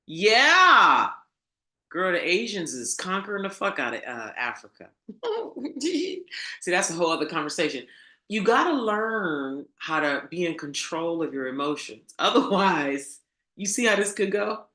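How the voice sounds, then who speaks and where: A woman's voice: on the low side, sing-song, moderate pace, fairly bright tone. A woman coach giving a casual motivational monologue, emphatic and preachy, swearing and calling her viewers girl. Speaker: spiritual coach. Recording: echoey room.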